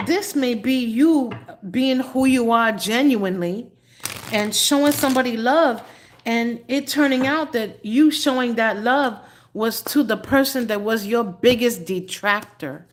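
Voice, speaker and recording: A woman giving a live tarot reading, chatty and unhurried, choked up and often clearing her throat. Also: on the high side. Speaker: tarot reader.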